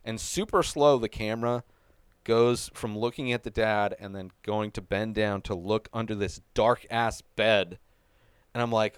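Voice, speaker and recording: Excitable man casually reviewing a movie. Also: lowish voice, a little slow, clear, resonant tone, dry recording. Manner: excitable and swears freely, often tags "right?". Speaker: movie review show host.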